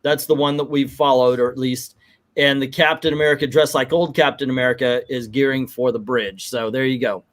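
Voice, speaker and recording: A man reviewing a comic book on a live show, talking in a rambling, animated way that breaks into rants. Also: mid-range voice, a little fast.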